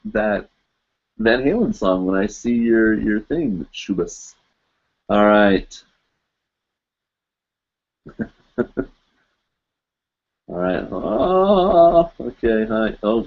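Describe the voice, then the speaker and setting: A man with a low, husky voice rambles through a casual live-stream Q&A, reading viewer comments aloud as he goes. The sound is dull and lo-fi, like stream audio. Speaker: live-stream host answering viewer questions.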